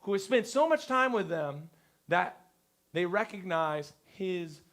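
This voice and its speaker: Man, high voice, pastor, casual sermon, lively storytelling. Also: takes it slowly. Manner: lively storyteller who acts out quotes. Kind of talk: conversational sermon. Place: church service before a congregation.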